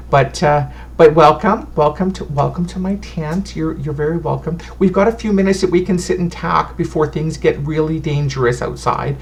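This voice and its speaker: A man's voice: a little high, a little hiss or hum, voice pushed up, close to an everyday voice. A man voicing a sweet, fussy little old woman fortune teller who chats in a folksy way and calls people darling and honey.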